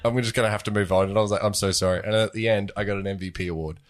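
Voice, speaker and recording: A man's voice: fairly low pitch, steady tone, rapid-fire. A man, co-hosting a podcast, telling a rambling, laughing story with plenty of swearing. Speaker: podcast co-host. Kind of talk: casual chat, storytelling.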